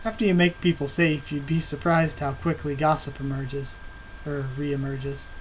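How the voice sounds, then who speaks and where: A man reading aloud the lines of a cold, controlling female community leader from a comic, in a flat, matter-of-fact way. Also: a little high, normal speed, a little hiss or hum, close to an everyday voice, rough recording. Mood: commanding.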